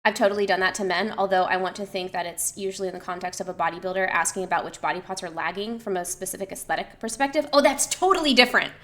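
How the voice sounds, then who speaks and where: A woman's voice: lowish voice, steady tone, fast, few pauses, fairly bright tone. Woman musing with a stream chat. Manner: reflective, with many fillers and restarts. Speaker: streamer and personal trainer. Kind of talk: casual talk to a live stream chat.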